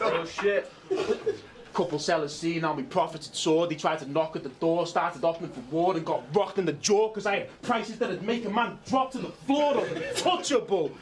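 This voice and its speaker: A man's voice: on the high side, measured pace, pauses often, crowd noise. A man performing a boastful battle rap verse with laughs between lines, from a noisy clip. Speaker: battle rapper.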